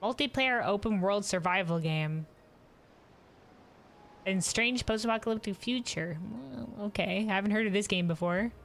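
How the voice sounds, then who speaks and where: A woman's voice: mid-range voice, moderate pace, creaky, fairly bright tone. A woman streaming a game, talking casually and rambling, self-deprecating and reading chat messages aloud.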